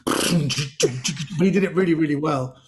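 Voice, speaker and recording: A man telling comedy anecdotes in a podcast interview, lively and full of quoted voices. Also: a little high, a little slow. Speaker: comedian guest.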